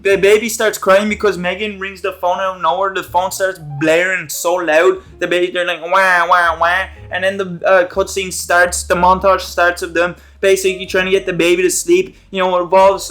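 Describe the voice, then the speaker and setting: High-voiced man, rambling commentary. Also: a bit bright. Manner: rambling, profane and jokey. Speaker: YouTube commentator. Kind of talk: casual TV episode commentary.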